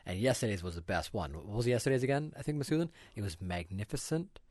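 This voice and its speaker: Deep-voiced, fast-talking male co-host. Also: lively intonation, darkish tone, no room sound, clean studio sound. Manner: playful, jokey, laughs often. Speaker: radio co-host. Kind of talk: casual radio chat.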